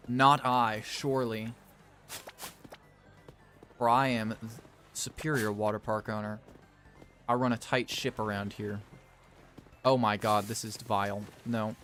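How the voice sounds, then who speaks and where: A man's voice: medium pitch, little pitch movement, measured pace, pauses often, fairly bright tone, faint music behind. A man playing a game and commenting as he goes, theatrical and exasperated as he scolds the characters. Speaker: gaming video creator.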